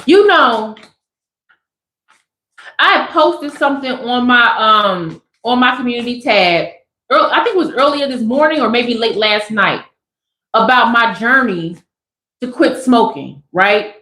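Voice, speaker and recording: Upbeat woman tarot reader, high voice, emphatic, echoey room, livestream chat. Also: lively intonation, bright, forceful tone. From Southern California. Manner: emphatic, repeats "tap in" and "y'all"; slows way down for emphasis. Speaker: tarot reader and spiritual speaker. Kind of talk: casual livestream talk with tarot.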